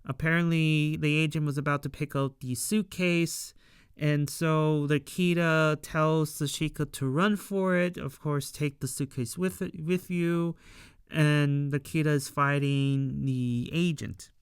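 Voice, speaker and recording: Slow, rambling show reviewer. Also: mid-range voice, fairly even intonation, clear, resonant tone, no echo, studio quality. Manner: rambling with frequent fillers, laughs at own retelling. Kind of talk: casual episode recap.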